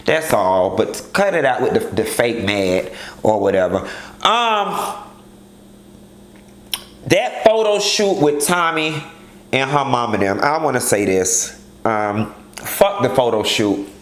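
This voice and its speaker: A man's voice: medium pitch, lively intonation, slow, echoey room. A man giving candid, blunt commentary on a reality show and speaking straight to its cast in a sassy manner.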